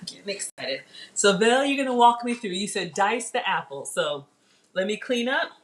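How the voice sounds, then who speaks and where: A woman's voice: on the high side, expressive, moderate pace. A woman hosting a live cooking stream from her home kitchen, chatting with viewers and reading their comments aloud as she works. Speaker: cooking channel host. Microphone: tablet on the counter.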